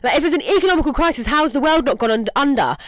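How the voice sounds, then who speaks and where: A young English woman hosts a podcast, talking candidly and emotionally in a high-pitched, animated voice that races along. She rambles casually and says "like" constantly.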